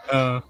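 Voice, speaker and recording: An Australian man hosting a casual whisky livestream, loud and laughing, swearing freely. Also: a little high. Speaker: show host.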